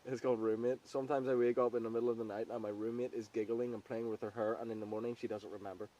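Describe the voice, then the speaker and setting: Mellow man reading scary stories fast. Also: medium pitch, level tone, lo-fi sound. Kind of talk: casual chat, reading scary stories aloud.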